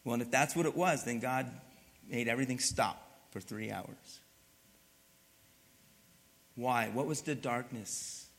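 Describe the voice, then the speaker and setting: A male pastor delivers an impassioned sermon in a mid-pitched voice. He swings between forceful, climbing emphasis and quiet, heavy passages. His words trail off into the long reverb of a large hall. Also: unhurried, creaky, pauses often. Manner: swings from loud emphatic build-ups to hushed, low passages.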